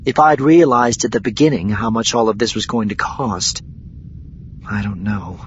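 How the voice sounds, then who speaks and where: Brief: earnest, tired princess done by a male narrator, soft sighing tone, faint hiss behind. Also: fairly low pitch, normal speed, highs cut off, pitched above the performer's own voice, natural voice. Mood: weary. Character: weary, resolute princess, adult woman. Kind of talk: audiobook character voice.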